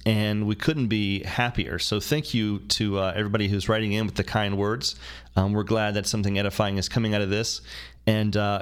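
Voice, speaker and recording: A man's voice: on the low side, a bit bright, smooth. A man hosting a podcast in casual chat, rambling and joking with many fillers and restarts. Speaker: podcast host. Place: new studio with construction noise.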